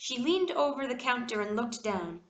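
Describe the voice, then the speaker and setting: A woman reads a children's storybook aloud at a normal speed with animated expression. Her fairly high voice ranges widely, and the room around her is echoey.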